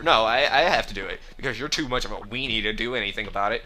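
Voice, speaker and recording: A man's voice: medium pitch, fast talker, hardly any pauses, bright, forceful tone. Sarcastic young gaming commentator, man. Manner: sarcastic and exasperated. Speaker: let's play commentator. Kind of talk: casual game commentary. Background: faint game music.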